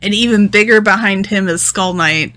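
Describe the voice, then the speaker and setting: A young adult woman co-hosting a podcast, retelling a manga in casual chat with animated delivery and constant "like" fillers. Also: mid-range voice, moderate pace. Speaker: podcast co-host.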